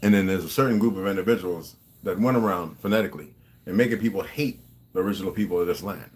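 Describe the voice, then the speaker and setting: A man's voice: deep voice, fast, darkish tone. A man delivering a profane, confrontational monologue, lecturing his viewers.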